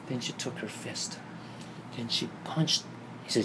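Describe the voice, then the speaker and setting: A man telling a personal story in casual conversation, acting out the quoted dialogue with lively shifts. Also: lowish voice, normal speed, creaky, a little hiss or hum. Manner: animated, acts out quoted dialogue. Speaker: guest telling his story.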